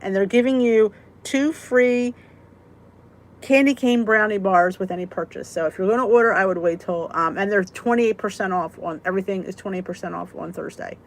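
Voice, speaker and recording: A chatty woman hosts a relaxed live stream, answering viewers one by one. She giggles easily and keeps an easygoing, talkative flow. Her voice sits at an ordinary middle pitch. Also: normal speed. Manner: giggly, chatty, answers comments as they come. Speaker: weight-loss vlog host.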